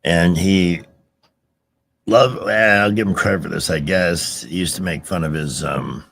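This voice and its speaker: A middle-aged man hosting a radio talk show, telling stories in an animated, emphatic way with restarts. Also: low-pitched, a little slow, creaky. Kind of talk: casual talk radio chat.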